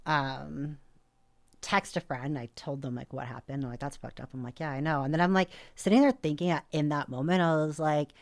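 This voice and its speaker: A young adult woman from Canada, a podcast guest telling a story in a casual, animated way, with plenty of swearing and filler words. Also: low voice, a little fast.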